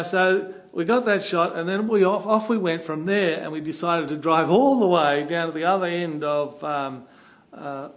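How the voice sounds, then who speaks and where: A man from Australia with an Australian accent, telling a travel story in a chatty, animated way. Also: fairly high pitch. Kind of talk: casual anecdote.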